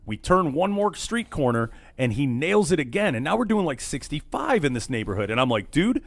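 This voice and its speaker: A man hosting a late-night radio talk show, telling a story in a casual, animated way and acting out what people said. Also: a little high, fairly quick, dry recording. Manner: animated storyteller, acts out quotes. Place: studio.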